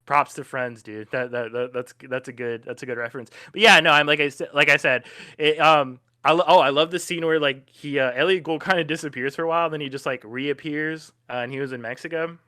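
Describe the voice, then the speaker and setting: Male podcast co-host, bright tense voice, dry close sound, excitable and loose. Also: a little high, a little fast, no echo. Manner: enthusiastic, casual swearing, many fillers. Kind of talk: casual film discussion.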